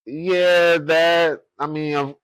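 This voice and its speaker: A man's voice: a little high, steady tone, drawn-out words, crowd noise, low-quality recording. Laid-back slangy man from Detroit. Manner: laid-back, slangy, keeps saying "you know what I'm saying". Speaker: podcast co-host. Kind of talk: casual chat.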